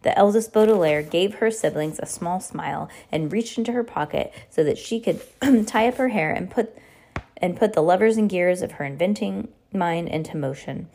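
A woman's voice: fairly low pitch, moderate pace, creaky, darkish tone. A woman reading a novel aloud, often stumbling and correcting herself as she goes. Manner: frequent stumbles and self-corrections. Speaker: reader.

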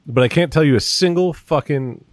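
A man's voice: moderate pace, noisy background. A man in casual chat, blunt and profane. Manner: blunt, profane, lively pitch.

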